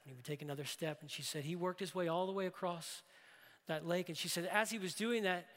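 A man delivers a sermon with a high, bright voice. He tells a story, then builds into fervent calls to come in. Long reverb from a large church hall hangs behind every phrase. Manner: builds to loud impassioned exhortation. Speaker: pastor. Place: church sanctuary.

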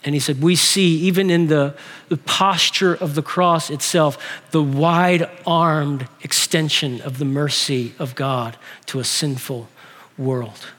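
A man in his forties preaching from the pulpit, his voice sitting high for a man and carrying a long reverb through the sanctuary. He talks with humor, asks the congregation questions and keeps the tone lively. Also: unhurried. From Texas. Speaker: pastor. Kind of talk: sermon.

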